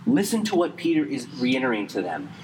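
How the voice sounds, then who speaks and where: A man preaching a sermon conversationally, quick in places and slow and emphatic in others, saying he is losing his voice. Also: mid-range voice, sing-song, a little mellow, big-room sound, a little hiss or hum, low-quality recording. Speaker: pastor.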